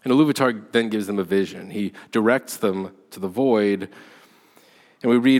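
A male teacher giving a measured lecture with frequent "uh" and "um", reading literature aloud and explaining it. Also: fairly low pitch, a little mellow. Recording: long hall reverb.

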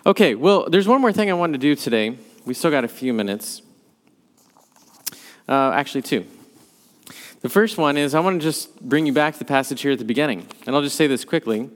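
A man's voice: mid-range voice, animated, fairly quick. Man teaching a Bible class in a reverberant hall. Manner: conversational, thinking aloud with restarts. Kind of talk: leading a church class discussion.

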